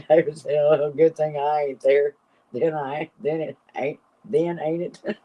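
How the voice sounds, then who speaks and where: A woman's voice: deep voice, fairly even intonation, slow. A woman hosting a casual live stream, reading viewer comments aloud and laughing constantly until she is breathless. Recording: slightly dull lo-fi audio.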